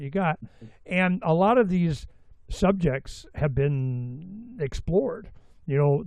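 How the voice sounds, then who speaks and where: A man's voice: mid-range voice, a little mellow, smooth, no room sound, dull audio. A man hosting a talk show in casual chat, rambling and full of filler phrases. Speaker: show host.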